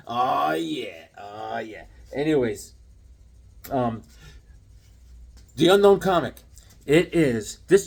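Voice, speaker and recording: A man in his forties showing off a comic book haul, talking in an excitable, joking way, recorded at home on a camera mic. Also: mid-range voice, slightly rough. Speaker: comic collector vlogger. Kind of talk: casual comic haul vlog with jokes.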